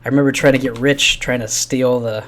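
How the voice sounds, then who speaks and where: A man's voice: medium pitch, steady tone, brisk, a bit bright. A man in his thirties casually chatting while playing through a game quest, rambling and chuckling with many fillers. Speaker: game host recording a quest playthrough. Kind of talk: casual gaming chat.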